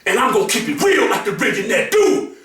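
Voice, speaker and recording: A man with a very high-pitched voice delivers a fiery motivational monologue, hammering points home with repetition and shouts. He sounds set back from the mic in a strongly echoing room. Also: very animated, brisk. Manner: preachy, emphatic, repeats phrases and often raises to a shout. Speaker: motivational speaker. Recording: very echoey room, voice far from the mic.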